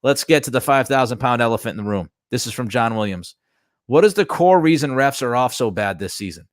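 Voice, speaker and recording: A man hosting a sports talk show, delivering animated, emphatic commentary and ranting about officiating. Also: medium pitch, fairly quick, no room sound, studio quality. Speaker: sports radio host.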